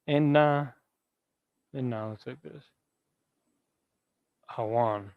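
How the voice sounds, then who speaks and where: A man's voice: mid-range voice, very slow, vocal fry, no echo, phone-quality sound. A man teaching a class, talking casually and quizzing his students with questions. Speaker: Hebrew teacher. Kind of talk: classroom lesson.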